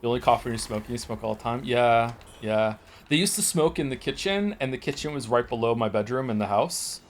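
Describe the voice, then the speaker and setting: A man's voice: medium pitch, expressive, a little fast, a little hiss or hum. A man in his forties from Wales, streaming and chatting casually, telling stories in a rambling, profane way with many restarts. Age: 40s. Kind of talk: casual chat.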